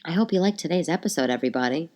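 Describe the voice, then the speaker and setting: A woman's voice: low voice, animated, racing, darkish tone. A middle-aged woman hosting her own podcast, a little nasal today, chatting and telling rambling stories with lots of asides. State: a bit nasal from a cold. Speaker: podcast host. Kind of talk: casual solo podcast chat.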